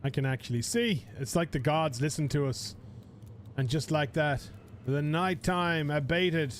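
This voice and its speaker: A man's voice: a little high, a little mellow, slight background noise. A man live-streaming a survival game, chatting to viewers in a rambling, casual way and swearing freely.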